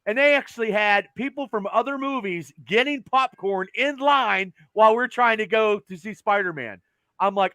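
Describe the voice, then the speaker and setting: A man co-hosting a casual podcast, telling a story loudly and excitedly and swearing freely. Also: high-pitched, normal speed, no room sound. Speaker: podcast co-host.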